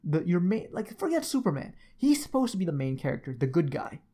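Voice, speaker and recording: A co-host in a casual podcast conversation, with a voice that swings widely in pitch. The delivery is emphatic and reactive. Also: sing-song, quick pace, dark tone. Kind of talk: casual movie-review chat.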